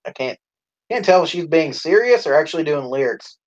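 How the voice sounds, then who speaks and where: A man co-hosting a live stream in casual chat, swearing a lot, laughing and shouting out quoted lines. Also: on the high side, expressive, a little fast, lo-fi sound. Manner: profane, laughing, acts out quoted lines loudly.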